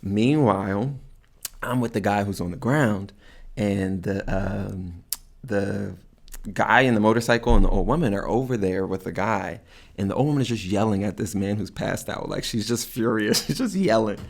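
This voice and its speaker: Man, low-ish voice, casual anecdote, animated, filler-heavy delivery. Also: moderate pace, gravelly. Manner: animated, many fillers, jumps high when quoting himself. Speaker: community member telling a story. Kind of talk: casual storytelling.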